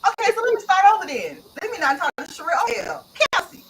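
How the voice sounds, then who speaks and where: A woman's voice: very high-pitched, expressive, quick pace, heavy background noise. A woman hosting an online author livestream in a playful, laughing, slangy chat style, greeting viewers one by one.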